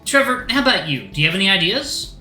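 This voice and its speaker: A man's voice: sits high, big pitch swings, quick pace, bright, forceful tone, roomy sound, soft background music, voice pushed up, exaggerated voice. Man voicing a bossy, impatient she-bear. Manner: impatient and commanding. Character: stern bossy female bear.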